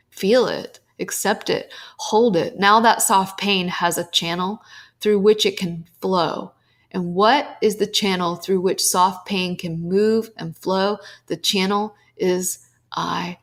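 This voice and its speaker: Candid, emotive woman spiritual host. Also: mid-range voice. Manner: candid, emotive, casual swearing. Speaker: podcast host and spiritual teacher. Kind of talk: casual spiritual talk.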